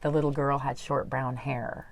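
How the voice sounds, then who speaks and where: A woman's voice: rumbling low, flat delivery, normal speed. A middle-aged woman guest telling her story earnestly in a conversational interview, laughing now and then.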